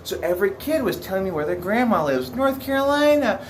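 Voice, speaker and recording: A man, a camp counselor, telling a story in a lively way and acting out the kids' voices. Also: high voice, fast talker, a little hiss or hum.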